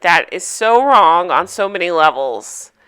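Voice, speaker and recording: A woman's voice: fairly low pitch, sing-song, unhurried, a bit bright, clear, resonant tone. A woman hosting a casual recap vlog, chatty and opinionated, sharing gossipy takes. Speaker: reality TV recap host.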